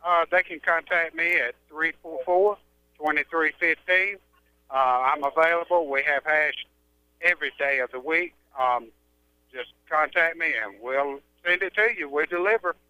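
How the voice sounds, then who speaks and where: Friendly man vendor, bright clear voice. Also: fairly high pitch, normal speed, no echo, poor audio. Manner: friendly, easygoing salesman talk. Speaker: festival food vendor. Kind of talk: casual radio interview.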